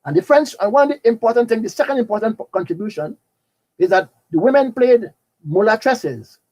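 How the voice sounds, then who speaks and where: A man's voice: sits high, lively intonation, a little fast, a little mellow, low-quality recording. An older man with a Trinidadian accent lecturing on carnival history, telling it with animation, breaking into snatches of calypso song and often repeating words. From Trinidad and Tobago.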